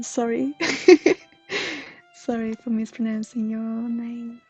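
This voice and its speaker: A woman from Sweden, a streamer and intuitive counselor chatting softly with viewers, often slipping into a breathy whisper. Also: on the high side, little pitch movement, slow pace, long pauses, faint music behind. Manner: soft, often drifting into a breathy whisper, laughs often. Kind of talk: live stream chat with viewers.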